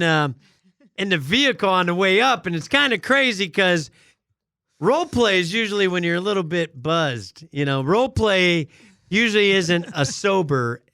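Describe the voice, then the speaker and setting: A man's voice: sits high, vocal fry, bright, forceful tone, clean tone, dry recording, clean studio sound. A man co-hosting a podcast in a boisterous, casual chat, laughing often. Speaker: podcast co-host.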